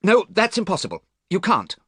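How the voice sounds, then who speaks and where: A man's voice: mid-range voice, wildly swooping pitch, moderate pace, no room sound, clean studio sound, voice pushed up, full character voice. A man voicing a vain, cold young man who talks in a languid, haughty way. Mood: alarmed. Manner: languid, haughty, sometimes sharp.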